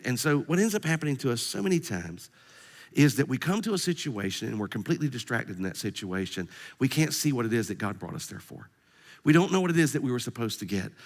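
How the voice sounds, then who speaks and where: Male pastor preaching, jokey and animated, voice going up and down a lot. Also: medium pitch. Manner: animated, humorous preaching with direct questions. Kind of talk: sermon.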